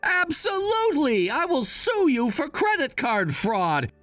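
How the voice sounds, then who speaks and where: A man's voice: very high-pitched, huge pitch swings, a little slow, fairly bright tone, dry recording, faint music behind, exaggerated voice. A man voicing a coolly scheming adult son in a text-message story drama, firm and matter-of-fact.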